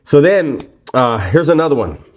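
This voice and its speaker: A man telling a story in a relaxed, rambling way, full of slang and swearing. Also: a little high, normal speed. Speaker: storyteller recounting prison life. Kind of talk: casual spoken storytelling.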